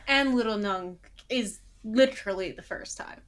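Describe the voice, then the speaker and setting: A woman co-hosting a casual recap chat, adding slow, thoughtful comments. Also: medium pitch. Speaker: podcast co-host.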